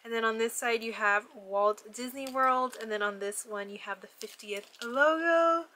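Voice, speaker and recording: A woman chats through a casual unboxing vlog in a bright, crisp voice that sits high. She gushes and gasps with delight. A faint hiss runs under the recording. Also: normal speed. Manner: gushing and excitable, gasps often. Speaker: vlogger opening a gift box. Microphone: ring light setup, camera on a desk.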